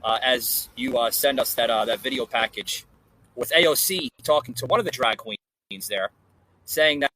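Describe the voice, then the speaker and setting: Male podcast host, forceful husky delivery, halting with fillers, casual chat. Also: mid-range voice, expressive, no room sound, rough recording. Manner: hesitant, lots of filler words. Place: outdoor porch.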